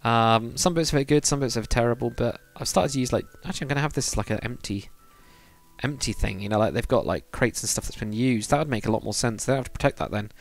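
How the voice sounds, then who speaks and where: A man's voice: mid-range voice, fast. A young man, chatting casually on a live stream while building in a game, rambling and reading viewer comments aloud.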